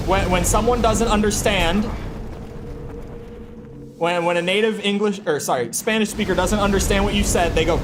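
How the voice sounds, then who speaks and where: A man's voice: high voice, normal speed. A young American man chatting casually with his stream chat, rambling and stumbling over his words. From United States. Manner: rambling, repeats words when starting sentences. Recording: clear background noise.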